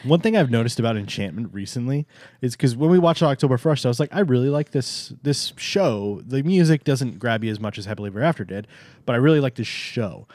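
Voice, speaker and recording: A man's voice: medium pitch, lively intonation, fast, a little mellow, dry recording. A man co-hosting a theme park podcast, talking in an enthusiastic, emphatic casual way. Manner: enthusiastic, emphatic, plugs channel. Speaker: podcast co-host. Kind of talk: casual chat.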